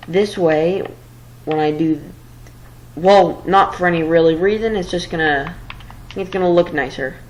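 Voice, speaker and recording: A lowish female voice at a moderate pace comes through a low-quality recording with slight background noise. The gameplay commentator rambles casually while building in a let's-play, sounding a little flustered, self-deprecating, and tired late at night.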